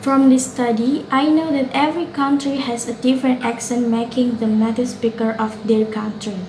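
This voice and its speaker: A woman's voice: on the high side, fairly even intonation, moderate pace. A young woman student with an Indonesian accent, earnestly reading a prepared class reflection, with occasional slips and self-corrections. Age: young adult. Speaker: student presenter. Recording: roomy, with faint noise.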